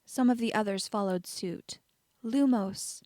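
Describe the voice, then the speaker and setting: A woman reading fan fiction aloud as an audiobook narrator, steady and even. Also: mid-range voice, normal speed, no echo, clean studio sound. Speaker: audiobook reader.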